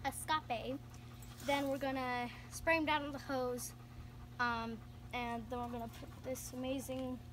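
A woman's voice: sits high, background noise. A woman vlogging casually outdoors while washing her dog, chatting to viewers with rambling asides. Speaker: pet vlogger. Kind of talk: casual vlog talk to camera.

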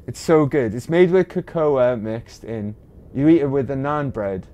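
British guy rambling on a game stream, um-ing and uh-ing a lot, mid-pitched voice. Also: unhurried, mellow, dull audio. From Britain. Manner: chatty, rambling, with frequent ums and uhs. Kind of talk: casual livestream commentary.

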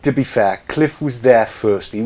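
A man's voice: medium pitch, a little slow, warm tone. A man co-hosting a web chat show, teasing and joking in casual banter. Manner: jokey, teasing. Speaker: co-host of a vaping web show.

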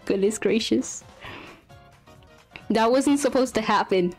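A woman's voice: medium pitch, a little slow, darkish tone, soft background music. A young woman streaming live while drawing, flustered and apologetic, often laughing and exclaiming as she talks to her chat.

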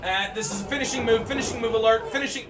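A man's voice: very high voice, racing, roomy sound, far from the mic, noisy background. A man co-hosting a casual chat, joking and riffing with mock outrage over a wrestling match. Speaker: podcast co-host.

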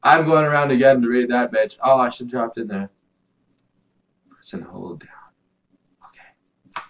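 A young man giving loud, swearing let's play commentary, swinging between shouts and mumbles. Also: medium pitch, measured pace, dull audio. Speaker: gaming YouTuber.

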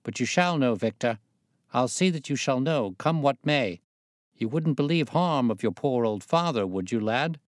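A man's voice: mid-range voice, lively intonation, normal speed, dry recording, clean studio sound, natural voice. A man reading an anxious old father. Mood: pleading. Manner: pleading, gentle.

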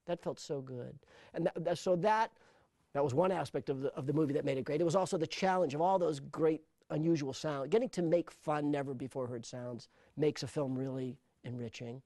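Middle-aged male sound designer, animated interview storyteller, a bit high-voiced, close and dry. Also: brisk, no room sound. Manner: animated storyteller, repeats words when starting thoughts. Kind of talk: interview conversation.

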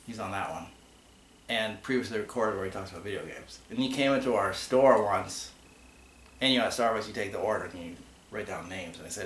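A man's voice: fairly low pitch, fairly quick, a bit bright. A man co-hosting a casual online show, chatting and telling rambling stories as he answers viewer questions. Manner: rambling, chatty storyteller with restarts. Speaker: podcast co-host. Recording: echoey room with faint hiss.

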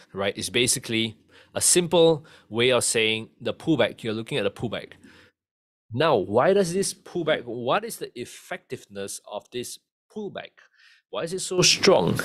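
Man, trading instructor, casual lesson, conversational, mid-range voice. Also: medium pitch. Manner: conversational, keeps asking "right?".

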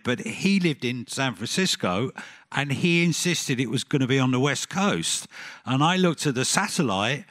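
An older man, a concert promoter telling lively anecdotes on a conference stage and acting out the people he quotes. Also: mid-range voice. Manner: animated anecdote-telling, acts out quotes, laughs at own story.

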